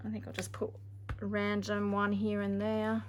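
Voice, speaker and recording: A woman's voice: mid-range voice, monotone, moderate pace, a little hiss or hum. A woman narrating a casual craft tutorial, chatty and thinking aloud with frequent ums. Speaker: craft video maker.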